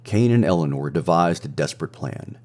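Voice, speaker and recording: A man narrating a scripted romance adventure story in a measured, dramatic way. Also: low voice, animated, darkish tone. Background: faint music.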